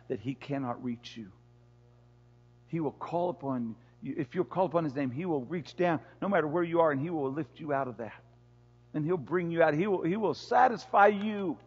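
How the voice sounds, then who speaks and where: A pastor preaches with a high, husky voice, pleading with his congregation again and again. His words ring through a church with a long echo. The recording itself sounds dull and lo-fi. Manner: impassioned, pleading and repetitive. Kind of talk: sermon. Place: church sanctuary.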